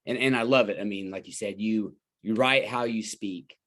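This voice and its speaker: A man's voice: lowish voice, moderate pace, fairly bright tone. A man hosting a podcast, chatting casually and enthusiastically with his guest. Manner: enthusiastic, complimentary. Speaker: podcast host. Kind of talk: casual interview chat.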